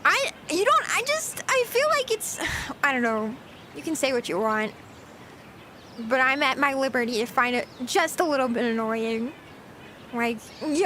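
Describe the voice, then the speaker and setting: A woman's voice: high voice, very animated, unhurried, sharp tone, a little hiss or hum. A young woman streamer rambling through casual chat with her viewers, giggling often.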